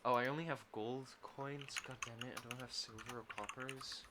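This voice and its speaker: A man's voice: mid-range voice, fairly even intonation, moderate pace, very noisy. A young man playing a tabletop role-playing game, talking hesitantly with many fillers and restarts. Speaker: player. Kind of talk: casual tabletop role-play.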